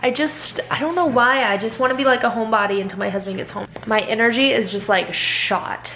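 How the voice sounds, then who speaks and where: A woman's voice: fairly high pitch, fairly quick, fairly bright tone, slight background noise. Worn-out young mom rambling on her vlog, tired voice, says like a lot. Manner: weary, rambling, heavy use of "like". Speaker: vlogger and mother. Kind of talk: casual vlog chat. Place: at home.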